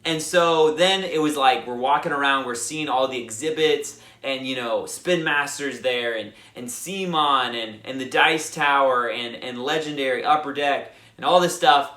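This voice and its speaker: A young man hosting a board game channel, telling a lively casual recap full of fillers and acted-out quotes. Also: mid-range voice, normal speed, hardly any pauses. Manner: animated, lots of fillers, acts out quotes. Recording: echoey room.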